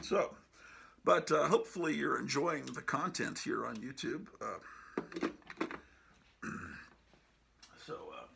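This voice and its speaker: A hoarse man, rambling in mock-showman vlog chat and repeating "ladies and gentlemen" as he films at home. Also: medium pitch, lively intonation, slow pace, pauses often, very noisy. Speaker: vlog host. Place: home, indoors.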